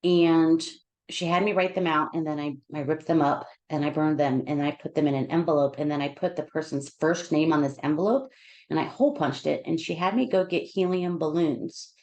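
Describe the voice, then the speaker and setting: Woman, deep voice, creaky fry, counselor speaking to listeners, emotional, restarts often. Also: a little mellow, highs cut off. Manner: heartfelt, emotional, halting with repeated restarts. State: emotional, near tears. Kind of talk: personal talk to listeners.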